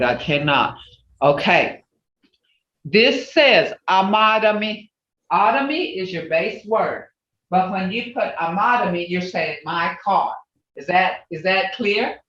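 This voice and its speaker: A teacher speaks slowly and patiently, walking a class through a lesson step by step over a video call. The voice sits back from the mic in a roomy, echoing space, and the call audio sounds dull and muffled. Small slips get corrected out loud in passing. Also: mid-range voice, lively intonation, recorded from a distance. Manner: slow, patient, explaining step by step; self-correcting, with asides. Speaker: language teacher.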